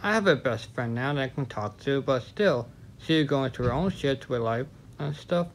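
A man's voice: medium pitch, expressive, normal speed, a little hiss or hum, poor audio. A man vlogging in a casual talk to camera, frank and candid, with chatty asides.

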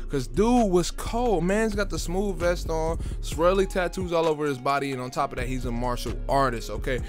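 Excited, slangy young man with a high voice. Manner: excited, slangy, stumbles over words. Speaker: video creator reviewing a film. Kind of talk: casual excited recap.

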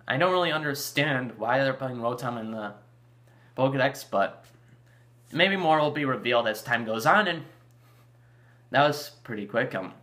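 A man's voice: medium pitch, animated, a little slow, a bit bright. A man hosting his own gaming channel, chatting casually about a game trailer and rambling with fillers and restarts. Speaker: YouTube gaming channel host. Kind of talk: casual video commentary.

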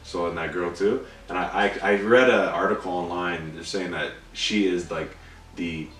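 A young man co-hosting a trailer reaction, chatting casually, excitable and swearing, his voice jumping up when worked up. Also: low-pitched, moderate pace. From Canada. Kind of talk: casual chat. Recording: echoey room, distant mic, faint music.

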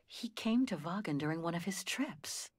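A woman voicing a guarded young game heroine who murmurs her thoughts quietly to herself. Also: expressive, moderate pace. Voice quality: husky, low and dry. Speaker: game protagonist.

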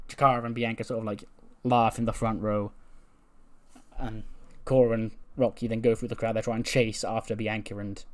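A man giving casual let's-play commentary, recapping storylines with fillers, quick laughs and the odd swear. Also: medium pitch, a little mellow. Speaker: gaming YouTuber.

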